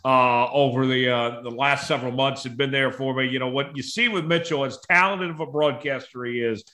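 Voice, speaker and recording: A man hosts a casual podcast interview, pausing often on fillers as he sets up his questions. His voice is bright and sharp, at an ordinary middle pitch. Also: steady tone. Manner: warm praise, halting with many uh fillers. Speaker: podcast host.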